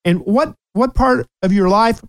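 A man's voice: very high-pitched, unhurried, dry recording. A man in his sixties hosting a casual talk show, upbeat and teasing. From United States. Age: 60s. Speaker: host. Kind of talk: casual chat.

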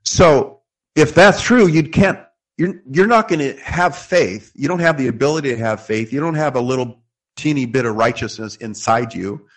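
A man's voice: medium pitch, animated, moderate pace. A man earnestly explaining scripture in a theological discussion, quoting verses as he goes.

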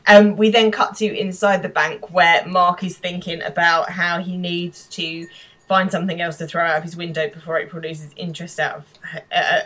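Woman, British accent, podcast co-host, bright tense voice, lower pitch, chatty animated retelling. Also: moderate pace, low-quality recording. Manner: laughing, animated retelling with quoted lines. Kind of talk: casual chat recapping a TV episode.

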